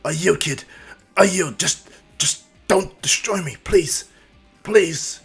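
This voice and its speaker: Guy doing a whiny slime monster baddie, high and yelling, bit raspy. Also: lively intonation, takes it slowly, soft background music, full character voice. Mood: pleading. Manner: loud, pleading, high strained voice. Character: panicky male sludge monster villain holding a hostage.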